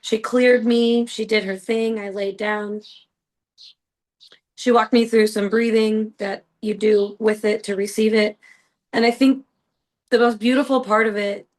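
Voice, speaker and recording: A woman's voice: a little high, flat delivery, measured pace, poor audio. Earnest rambling woman podcast host. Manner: earnest, rambling, heavy use of "like" and "you know". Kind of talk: casual personal storytelling.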